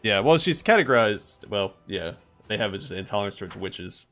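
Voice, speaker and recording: A man with a low voice talks through a role-playing game on stream, musing aloud and pausing with fillers as he decides. His pitch swings widely, lively rather than flat, with soft music underneath. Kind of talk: casual gameplay commentary.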